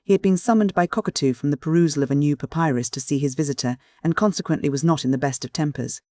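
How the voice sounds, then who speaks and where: An audiobook narrator reading a classic mystery in a clear, measured literary style. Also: mid-range voice, a little mellow, no echo, clean studio sound.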